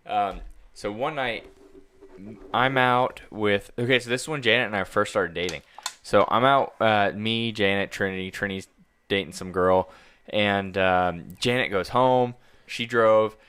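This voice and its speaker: A man with a low voice, sharing a story in casual podcast chat. He talks in a relaxed, wry way and tends to ramble a little. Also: a little slow, smooth. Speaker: podcast co-host.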